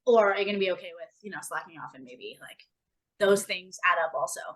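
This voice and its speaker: A woman's voice: on the low side, animated, fast, fairly bright tone, poor audio. A woman co-hosting a casual podcast chat, talking in an emphatic, motivational way and swearing casually. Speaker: podcast co-host.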